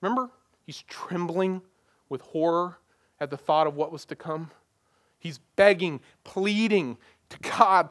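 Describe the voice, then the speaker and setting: A man's voice: sits high, measured pace, a bit bright. A man preaching a sermon as pastor, plain and conversational, leaning on rhetorical questions. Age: adult parent.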